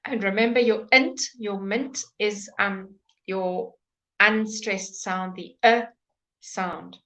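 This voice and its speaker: A woman's voice: mid-range voice, fairly even intonation, slow, fairly bright tone. A woman teaching English pronunciation in a live online lesson, patiently repeating each word many times.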